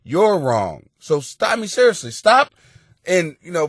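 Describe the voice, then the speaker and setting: A man with a somewhat high, very animated voice rants crudely from his basement, swearing freely and wandering from point to point. The sound is close and dry. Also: measured pace, dry recording. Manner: crude, blunt and rambling, with frequent swearing. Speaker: host. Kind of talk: profane comedic rant to camera. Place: home basement.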